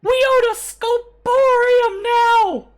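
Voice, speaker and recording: A man's voice: very high-pitched, fairly even intonation, takes it slowly, soft background music, pitched above the performer's own voice. A man voicing a panicky male goblin shopkeeper who screeches and wails. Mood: overjoyed. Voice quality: screechy, wailing.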